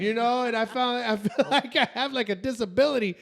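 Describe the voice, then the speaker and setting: Brief: man in his forties, podcast co-host, high-pitched voice, lively storyteller who laughs and mimics others. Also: fairly quick. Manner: animated storyteller, acts out quotes, laughs often. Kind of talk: casual chat.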